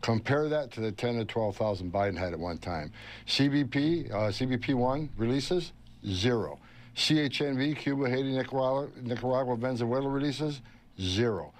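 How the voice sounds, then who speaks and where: A man reads out a list of figures, slow and emphatic, leaning on each total. His voice sits at an ordinary middle pitch. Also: animated.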